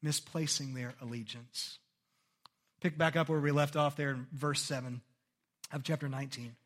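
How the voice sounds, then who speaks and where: A man's voice: mid-range voice, fairly even intonation, moderate pace, fairly bright tone. A man preaching a sermon as a pastor, earnest and conversational, often checking in with "okay?" and swinging his delivery dramatically when reading scripture.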